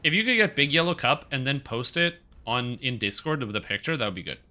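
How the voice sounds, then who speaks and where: A man in his thirties streams a game, joking and rambling as he reads the chat aloud in casual stream talk. His medium-pitched voice is animated, fairly quick, bright and forceful, with soft music playing in the background.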